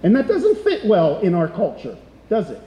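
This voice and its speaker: A man's voice: high-pitched, huge pitch swings, moderate pace, mellow, muffled recording. A middle-aged man preaching a sermon as pastor, conversational and full of rhetorical questions. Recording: echoey hall.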